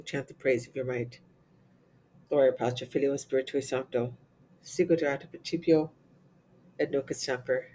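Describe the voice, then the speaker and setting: A man reciting the Divine Office, reading psalms and lessons in English with Latin responses, in a steady, even recitation. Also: mid-range voice, slight background noise. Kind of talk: reciting liturgical prayer and psalms.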